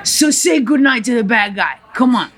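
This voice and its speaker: A woman's voice: a little high, lively intonation, moderate pace, background noise, natural voice. Woman doing a swaggering gangster. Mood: sneering. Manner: swaggering, sneering, loud. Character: loud menacing gangster man, boastful.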